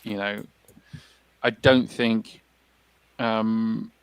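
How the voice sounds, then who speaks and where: A man's voice: on the low side, flat delivery, extremely slow, smooth, dry recording, poor audio. A man commentating casually on a tabletop game, hesitant with many restarts and fillers.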